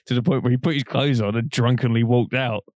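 A man's voice: medium pitch, steady tone, brisk, darkish tone, no room sound. Young man, casual podcast chat, rambling and laughing, dry sound. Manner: rambling anecdote-telling, laughing often, swearing. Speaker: podcast co-host.

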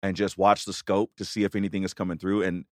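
A man hosting a podcast in casual chat, relaxed as he shares a story and invites his guests to talk. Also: sits low, quick pace, no room sound, studio quality. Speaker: podcast host.

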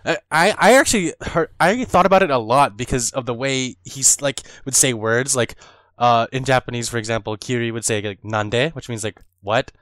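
A man in casual chat about a video game, animated and excitable, telling stories and laughing often. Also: mid-range voice, brisk, dry recording, studio quality. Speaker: co-host discussing a video game.

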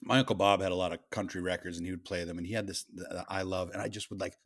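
A man co-hosting a casual podcast chat, telling stories with animated bursts and frequent laughs. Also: deep voice, racing. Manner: storytelling, animated, laughs often. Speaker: podcast co-host.

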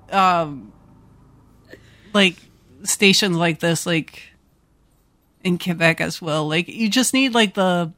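A woman's voice: medium pitch, a bit bright, no echo. A woman with a Canadian accent co-hosts a loose chat in a dry, close recording. She trades wry jokes and fills her talk with "like.". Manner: wry jokes, many fillers like "like". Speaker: podcast co-host. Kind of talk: casual chat.

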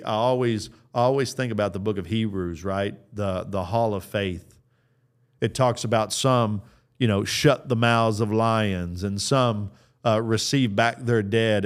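A man in his thirties delivers a sermon in an earnest, conversational way. His voice sits at an ordinary middle pitch. He often circles back and restarts phrases as he builds toward a point. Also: clear, resonant tone. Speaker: pastor.

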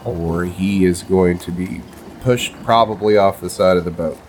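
A man narrating a tabletop game as game master, halting, with many ums and uhs. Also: deep voice, a little mellow, slight background noise.

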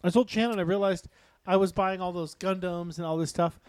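A man's voice: high-pitched, steady tone, brisk, darkish tone, no echo. A man co-hosting a podcast, chatting casually in a dry, matter-of-fact way. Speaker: podcast co-host. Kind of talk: casual chat.

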